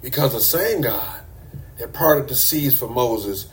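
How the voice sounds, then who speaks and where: A man's voice: medium pitch, animated, takes it slowly. A man preaching a sermon to a congregation in a church, emphatic and repeating words for stress.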